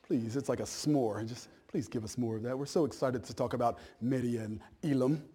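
A man's voice: medium pitch, moderate pace, warm tone, slightly rough, lightly acted. A man voicing an eager churchgoer who begs the preacher for more scripture, in a put-on British accent and a playful, pleading way.

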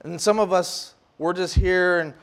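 A man's voice: high voice, a little slow. A man giving a loose, conversational sermon as a youth leader, acting out the voices of scoffers. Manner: animated, acts out voices of scoffers; loose, conversational preaching with fillers and restarts.

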